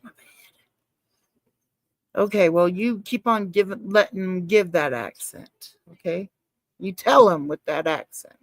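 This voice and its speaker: A woman's voice: lowish voice, measured pace, pauses often, no room sound. A woman chatting casually on a live stream, rambling and swearing, reacting to her chat and calling herself a nervous person.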